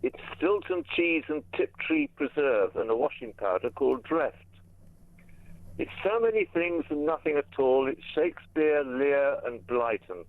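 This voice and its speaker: A man's voice: mid-range voice, expressive, unhurried, dry recording. Man, caller, reciting verse, rhythmic, tinny phone line. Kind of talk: reciting his own poem.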